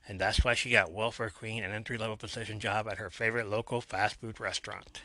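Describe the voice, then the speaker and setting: A man's voice: lowish voice, pushed and bright, no echo. A man hosting a podcast, narrating a recap of a TV episode in a storytelling way and lightly playing the quotes. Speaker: podcast host.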